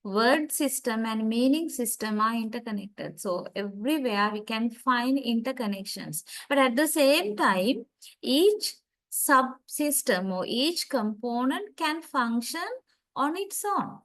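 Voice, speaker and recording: Slow, deliberate woman lecturing online. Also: on the high side, lively intonation, fairly bright tone, rough recording. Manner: slow, deliberate explaining with frequent "right?" and "uh" checks.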